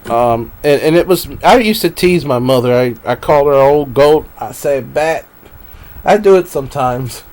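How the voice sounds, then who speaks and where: A man's voice: mid-range voice, lively intonation, moderate pace, darkish tone. A man live streaming at his computer, rambling to himself with frequent laughs as he browses. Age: adult. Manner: meandering, talks to himself, laughs often.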